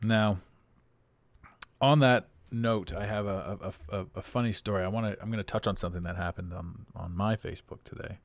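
At a moderate pace, a man runs his own podcast in a casual, wandering monologue, cracking himself up often. His delivery is marked by animated pitch swings, recorded dry.

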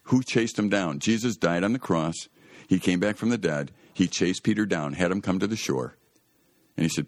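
A man's voice: sits low, moderate pace, no echo, clean studio sound. A man hosting a Christian radio talk show, telling a Bible story in an earnest, emphatic way that often rises to exclaim.

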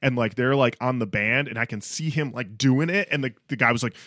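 A man co-hosting a podcast in casual chat, retelling scenes with animated little voices. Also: medium pitch, a little fast, no room sound, studio quality. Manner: animated storytelling, acts out bits. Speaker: podcast co-host.

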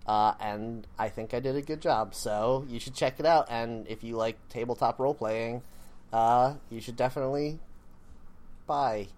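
A man's voice: medium pitch, moderate pace, darkish tone. A man co-hosting a podcast, chatting casually in a rambling, self-deprecating way with plenty of fillers. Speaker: podcast co-host. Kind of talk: casual chat.

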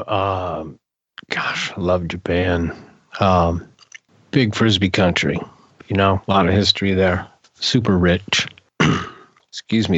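Older man, animated storyteller, lowish voice, dull dry lo-fi sound. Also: dry recording. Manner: animated, jumps up in pitch when excited. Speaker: interview guest. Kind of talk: casual storytelling. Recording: dull lo-fi recording.

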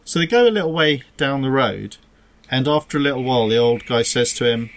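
A man's voice: medium pitch, lively intonation, brisk. A man co-hosting a casual podcast chat. He tells stories in a rambling, self-interrupting way, trailing off and restarting mid-sentence, with a laugh slipping in now and then. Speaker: podcast co-host. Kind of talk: casual chat, joke telling.

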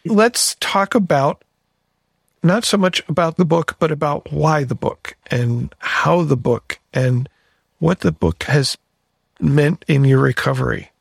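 Husky, creaky man asking questions. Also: fairly high pitch, expressive, slow, no room sound, clean studio sound. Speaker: podcast host. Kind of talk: interview question.

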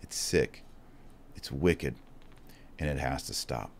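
A middle-aged man with a deep, low voice gives an impassioned talk as a Catholic speaker. He is earnest and emphatic, pressing his points loudly before dropping to a hushed, reflective tone as he tells his story. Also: expressive, slow, vocal fry, slight background noise.

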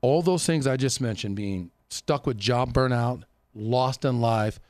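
A man's voice: mid-range voice, a little slow, darkish tone, no room sound. A man hosting a podcast, talking in a casual, coaching way and repeating phrases for emphasis. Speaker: podcast host. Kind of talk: casual conversational coaching talk. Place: studio.

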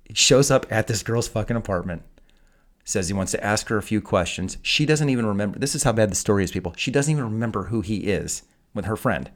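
Very deep-voiced man ranting about a film. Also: expressive, quick pace. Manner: profane, incredulous ranting. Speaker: podcast host. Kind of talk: casual film review chat.

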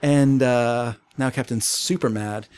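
A man's voice: medium pitch, fairly even intonation, takes it slowly, a little mellow, clear, resonant tone. Rambling man recapping a comic. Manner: rambling, laughs often, acts out quotes. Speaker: podcast co-host. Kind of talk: casual comic book discussion.

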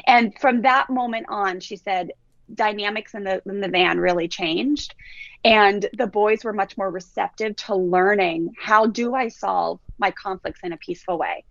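A woman talking as a parenting coach on a podcast, telling stories and quoting people with lively energy. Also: mid-range voice, unhurried, gravelly, dry recording, lo-fi sound. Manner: storytelling, animated quoting of others. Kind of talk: casual podcast chat.

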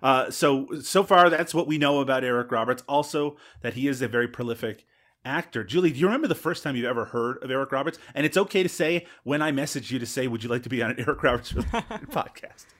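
Quick, dry-humored male podcast host. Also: medium pitch, a bit bright. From Newfoundland. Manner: dry, teasing. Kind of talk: casual chat.

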